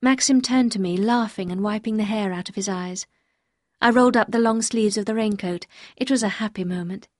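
A woman reading a novel aloud as first-person narrator, in a clear, measured storytelling manner. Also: mid-range voice, a little mellow, no room sound, studio quality. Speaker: audiobook reader.

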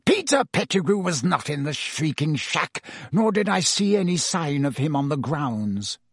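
A man's voice: on the high side, big pitch swings, a little slow, husky, no echo, studio quality, exaggerated voice. A man reading aloud and voicing a cold, spiteful male schoolmaster who sneers and snarls. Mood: sneering.

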